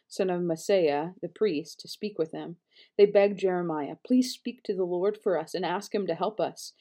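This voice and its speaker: A woman reads scripture aloud, her voice mellow and warm. Her delivery is steady and measured, with a quick self-correction now and then. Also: medium pitch. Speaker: Bible reader.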